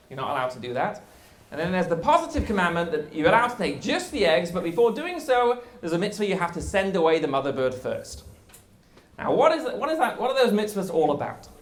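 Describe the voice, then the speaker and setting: A man speaking as a guest rabbi, giving a conversational lecture and explaining things in a lively way with wry jokes. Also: fairly high pitch, roomy sound.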